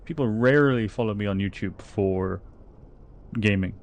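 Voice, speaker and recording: A man's voice: fairly low pitch, moderate pace. A man with an Irish accent from the Republic of Ireland, streaming a game and chatting casually with viewers, reading their comments aloud and laughing often. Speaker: livestreamer. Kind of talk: casual chat while gaming.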